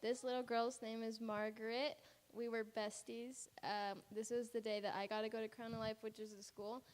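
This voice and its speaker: A woman's voice: a little high, flat delivery, moderate pace. A woman giving a casual, chatty slideshow report on a mission trip, laughing often as she talks. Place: church sanctuary. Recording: reverberant church hall.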